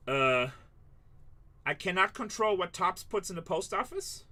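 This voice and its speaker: A man's voice: sits high, lively intonation, measured pace, pushed and bright. A man hosting a live card-breaking stream, tired, chatting loosely and joking back at viewers' comments. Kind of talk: casual livestream chat to viewers.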